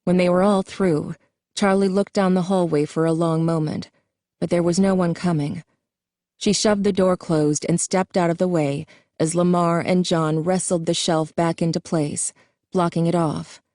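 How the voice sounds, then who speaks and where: A woman narrates an audiobook in a steady, even storytelling voice. Her tone is dark and mellow and sits slightly low for a woman. The recording is close and dry. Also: moderate pace, dry recording.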